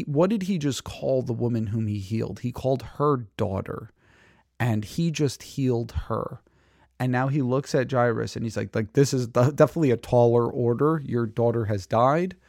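Bible teacher, man, 30s, low gravelly mellow voice, loose chatty delivery, dry close sound. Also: no room sound. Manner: conversational, many fillers and restarts. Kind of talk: casual Bible commentary.

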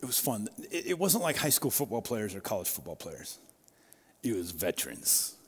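A man's voice: fairly low pitch, wildly swooping pitch, normal speed, a bit bright, slightly rough. A middle-aged male pastor preaching a sermon in a conversational, storytelling way with personal asides. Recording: long reverb of a large hall.

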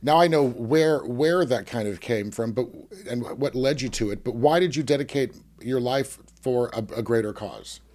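A man's voice: medium pitch, normal speed, hardly any pauses, darkish tone. A man interviewing a guest, asking questions and giving her frequent short affirmations. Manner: attentive, many short affirmations.

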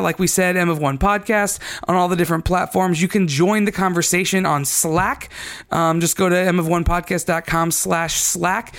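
A man's voice: high voice, fairly bright tone. A man co-hosting a casual podcast, reading out a contest announcement with lots of ums. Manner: chatty, full of ums, teasing. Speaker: podcast co-host.

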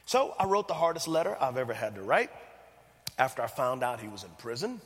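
A male pastor preaching a sermon, talking straight to the congregation and swinging between loud emphatic passages and hushed, tender ones. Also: mid-range voice, expressive, fast, long reverb tail. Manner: addresses the congregation directly.

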